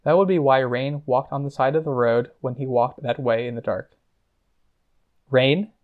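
Brief: male narrator, mid-pitched, steady reading, slightly muffled lo-fi sound. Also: fairly quick. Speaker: audiobook narrator. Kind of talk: scripted narration.

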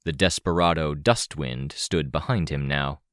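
A man narrating a first-person audiobook in a steady, wry way. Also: very deep voice, unhurried, no room sound, clean studio sound.

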